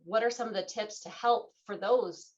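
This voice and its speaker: A middle-aged woman hosting a talk radio show, chatting in a lively, playful way and acting out the voices she quotes. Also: mid-range voice, moderate pace. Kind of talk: casual conversational interview. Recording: dull lo-fi sound.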